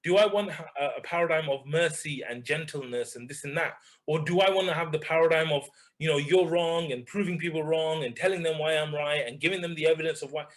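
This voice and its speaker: Man, coaching chat, fairly high voice, direct, questioning. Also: fast. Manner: direct, questioning, calls listener bro. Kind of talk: coaching conversation.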